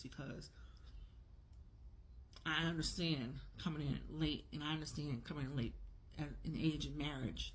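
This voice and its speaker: Husky forty-something woman venting. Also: low-pitched. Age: 40s. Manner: emphatic, repeats key words. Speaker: vlogger. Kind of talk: casual opinion vlog.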